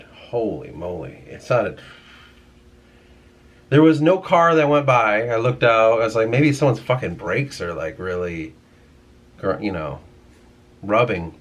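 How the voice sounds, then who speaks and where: A man's voice: low-pitched, animated, measured pace, long pauses. A young man musing casually to his camera at home, rambling and swearing often, trailing off mid-thought. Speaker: vlogger. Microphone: camera mic.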